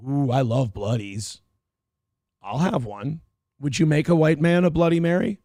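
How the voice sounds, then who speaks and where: A man in his thirties hosting a live show, talking in a loud, brash, mocking way with sudden yelled outbursts. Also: a little high, steady tone, a little slow, dry recording, clean studio sound. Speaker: livestream show host. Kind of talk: crude casual livestream commentary.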